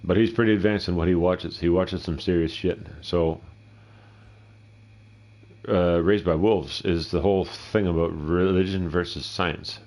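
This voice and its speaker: A middle-aged man with a very low voice rambles through a casual gameplay session. He swears freely and wanders between stories, now and then talking back to himself. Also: fairly even intonation, unhurried, a little mellow. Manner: profane, rambling, talks to himself. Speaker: gameplay streamer.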